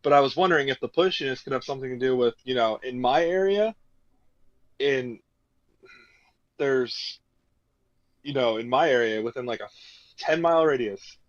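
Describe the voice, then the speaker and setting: A man's voice: medium pitch, normal speed, long pauses, muffled recording. A man in his twenties hosting a podcast, telling a story in a rambling casual chat full of "you know". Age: 20s. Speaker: podcast host.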